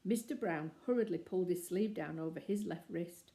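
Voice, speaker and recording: A woman reading a children's storybook aloud with lively character voices. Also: on the low side, moderate pace, vocal fry, poor audio. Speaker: narrator.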